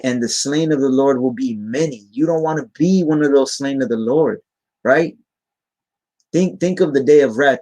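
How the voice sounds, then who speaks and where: A young man gives an informal live-stream sermon, casual but earnest, in an ordinary middle-pitched voice with a darkish tone. He often asks "right?" to make sure listeners follow, and he slows down when reading scripture aloud.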